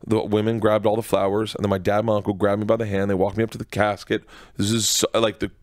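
Animated laughing male comic storyteller. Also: lowish voice, fast talker, no echo, clean studio sound. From Florida, USA. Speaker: stand-up comedian guest. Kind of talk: storytelling interview. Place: radio studio.

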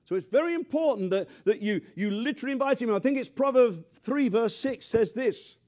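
Animated English preacher, high lively voice. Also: male voice, fairly quick. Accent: English, from near London. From England. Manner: animated preaching with humor, swinging from loud emphasis to low asides. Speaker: pastor. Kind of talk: sermon.

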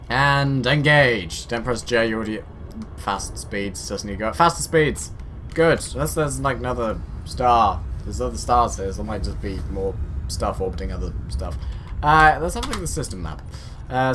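Animated man rambling over gameplay. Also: medium pitch, a little hiss or hum. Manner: rambling, self-mocking, chatty asides to himself. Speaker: gaming video host. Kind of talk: casual gameplay commentary.

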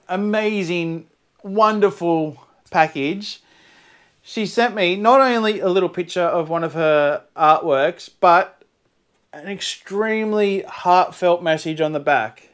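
Excitable Australian man vlogging about art. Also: high voice, slow pace. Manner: excitable, laughs often, bursts into shouts. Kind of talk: casual chat to camera.

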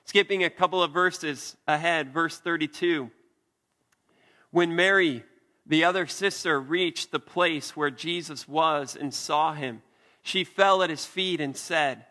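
Guy preaching a sunday sermon, pretty high voice, takes it slow, earnest pauses. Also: in a large hall. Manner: earnest, slow and deliberate with soft emphatic pauses. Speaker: pastor. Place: church.

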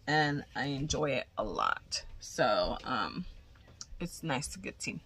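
A woman's voice: a bass voice, big pitch swings, takes it slowly, creaky, a bit bright, a little hiss or hum. A woman vlogger chatting casually and gushing as she unboxes crochet gifts, cursing now and then.

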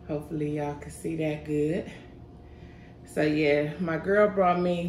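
A woman chatting casually to her viewers as she sets up a mukbang at home, a little out of breath. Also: on the low side. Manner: chatty, addresses viewers as y'all. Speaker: mukbang vlogger. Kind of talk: casual chat to camera. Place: home, indoors. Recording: echoey room, faint background noise.

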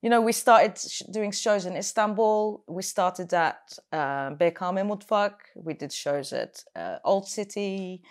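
A woman's voice: mid-range voice, unhurried, few pauses. A woman who grew up in London, a comedian chatting casually in an interview, rambling with fillers and self-deprecating jokes. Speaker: comedian guest.

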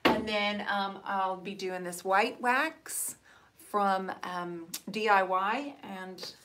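A middle-aged woman hosts a live painting stream, chatting casually and rambling as she reads out and answers viewer comments. Her medium-pitched voice is a bit bright and slow-paced.

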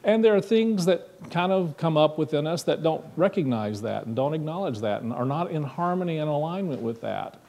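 A man's voice: a little high, warm tone. A man preaching a sermon in a church, talking conversationally and asking the congregation questions. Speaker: minister. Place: church sanctuary.

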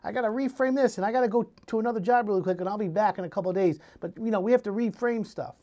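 A man acting out a pushy male contractor who dodges questions and brushes the client off, his voice pitched up and pushed louder than the speaker's own talk. The tone is snippy and defensive, never giving a straight answer. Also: racing, close to an everyday voice. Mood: brushing off.

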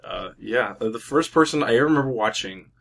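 A young man co-hosting a game playthrough, bantering and teasing his friend with relaxed hesitations. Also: mid-range voice, fairly quick, gravelly. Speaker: let's play co-host. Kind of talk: casual gameplay chat.

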